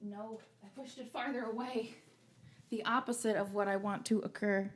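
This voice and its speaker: A woman's voice: medium pitch, fairly even intonation, normal speed. A woman, a musician hosting an online concert, chatting loosely to viewers between songs. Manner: chatty, loose, talks to the audience. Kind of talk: casual chat between songs.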